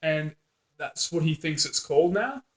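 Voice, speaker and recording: An Australian co-host chats casually, laughing often and swearing freely in an animated way. His voice is on the high side and a little slow, with a roomy echo on the recording.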